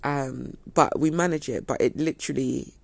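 Husky low-voiced woman. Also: normal speed, a little mellow, dry recording. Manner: chatty, acts out quoted dialogue. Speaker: vlogger. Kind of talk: casual storytelling to viewers.

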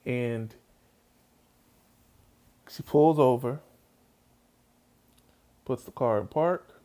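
A man's voice: medium pitch, extremely slow, dark tone. A man telling a funny childhood story in a casual, slangy way, talking straight to his listeners.

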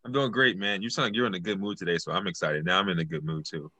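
Male co-host, low pitch, bright timbre, dry sound, joking tone. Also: steady tone, fast talker, no room sound. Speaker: podcast co-host. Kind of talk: casual podcast chat.

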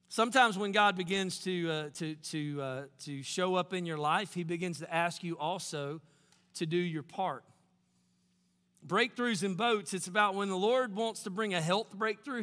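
Pastor guy preaching, big swings loud to quiet, bright voice bouncing around a big hall. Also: sits high. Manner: animated, swings from loud to hushed, acts out quotes. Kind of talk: sermon.

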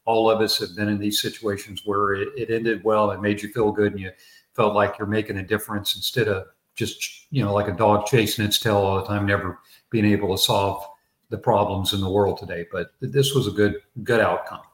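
Low-voiced earnest man on a panel, roomy sound. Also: little pitch movement, a little fast, a bit bright. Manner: earnest, repeats words while searching for phrasing. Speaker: law enforcement talk show panelist. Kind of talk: casual roundtable discussion.

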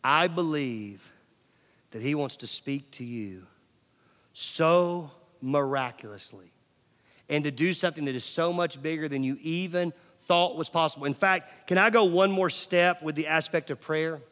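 A middle-aged male pastor preaching a sermon, swinging from loud emphasis to near-whispers and asking the audience questions. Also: fairly high pitch, unhurried. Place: large church hall. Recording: long church hall reverb.

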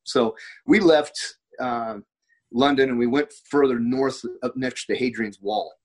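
A man's voice: mid-range voice, unhurried, slightly rough, rough recording. An American man in casual conversation, telling rambling anecdotes full of quoted dialogue and restarts. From United States.

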